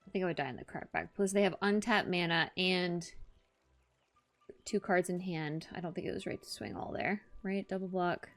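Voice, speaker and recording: A woman streamer giving casual commentary on her own card game, talking to herself and swinging from low mutters to excited squeals. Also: moderate pace, faint music behind.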